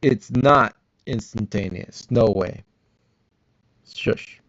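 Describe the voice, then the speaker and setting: A man's voice: mid-range voice, extremely slow, fairly bright tone, dull audio. A man reacting to a science video, arguing back and rambling as he thinks aloud. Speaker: reacting vlogger.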